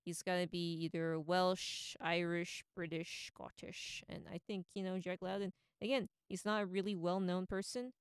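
A woman with a lowish voice talks through her opinions in a loose, rambling, chatty way. Her tone is smooth and clean. The recording is dry and close, with no room sound. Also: fairly even intonation, normal speed, hardly any pauses, dry recording. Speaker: pop culture commentator. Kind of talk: casual opinion monologue.

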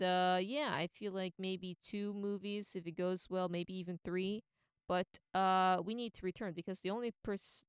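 A woman's voice: fairly low pitch, clear, resonant tone, no room sound, studio quality. A woman giving casual, opinionated commentary on film casting, rambling with many fillers and restarts. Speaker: entertainment commentator.

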